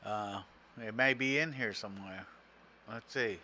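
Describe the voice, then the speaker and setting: A man's voice: fairly low pitch, measured pace, bright, forceful tone, a little hiss or hum. A middle-aged man co-hosting a casual podcast, rambling through trivia with lots of "you know" and frequent chuckles. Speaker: podcast co-host, father. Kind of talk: casual chat, reading trivia aloud.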